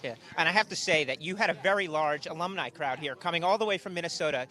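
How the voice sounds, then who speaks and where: Bright, fast-talking male sideline reporter. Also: a little high. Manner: brisk, upbeat questioning. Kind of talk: post-match interview.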